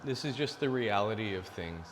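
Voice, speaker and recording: A man's voice: on the low side, lively intonation, moderate pace, in a large hall, slight background noise. A man in his forties giving blunt dating advice to male viewers in a casual, preachy monologue. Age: 40s. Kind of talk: casual direct-to-camera monologue.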